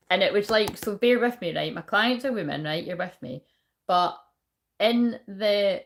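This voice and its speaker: A woman's voice: medium pitch, a bit bright. A young woman giving a casual spiritual reading, rambling and swearing often. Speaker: spiritual reader and shaman.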